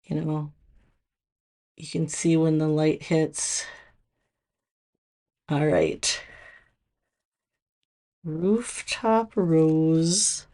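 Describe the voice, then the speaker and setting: A woman's voice: low-pitched, steady tone, very slow, long pauses, darkish tone. A woman with a Minnesota accent showing off nail products in a casual, chatty way, full of fillers and restarts.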